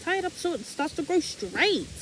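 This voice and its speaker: A young woman giving a casual faith talk as a vlogger, animated and slangy, acting out imagined dialogue. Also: extremely high pitch, moderate pace, a little hiss or hum, poor audio.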